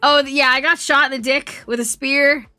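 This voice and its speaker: A woman's voice: high voice, fairly even intonation, moderate pace, pushed and bright, no room sound, faint music behind. A woman streamer chatting casually, telling rambling stories and swearing a lot. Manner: profane, rambling storytelling. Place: home streaming setup.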